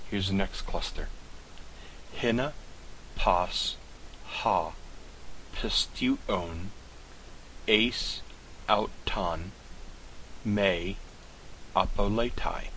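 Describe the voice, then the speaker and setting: Male language tutor, very low voice, unhurried and precise, faint hiss on the recording. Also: fairly bright tone, poor audio. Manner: slow, deliberate, sounding out words syllable by syllable. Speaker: Greek tutor. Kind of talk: recorded pronunciation lesson.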